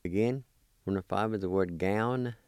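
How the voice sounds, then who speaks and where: A man's voice: on the low side, moderate pace, a little mellow, clean tone, no room sound. A man teaching a language lesson, carefully spelling out and repeating words for learners.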